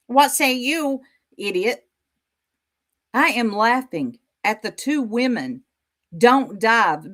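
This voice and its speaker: A woman hosting reaction commentary, mocking a clip and talking straight to her viewers with sass. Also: medium pitch. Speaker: YouTube commentary host.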